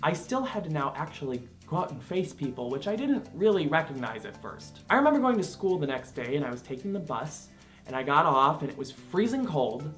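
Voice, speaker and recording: A young man telling a personal story to camera, animated and expressive, acting out quotes with laughter along the way. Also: fairly high pitch, fairly quick, faint music behind. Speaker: vlogger.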